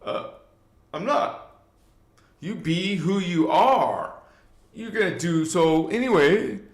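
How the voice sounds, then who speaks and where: A man's voice: sits high, animated, takes it slowly, roomy sound. A man hosting a live spiritual talk, rambling loosely with many fillers and speaking straight to his viewers. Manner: loose, meandering, frequent fillers and asides; addresses viewers directly and preachy. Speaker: livestream host.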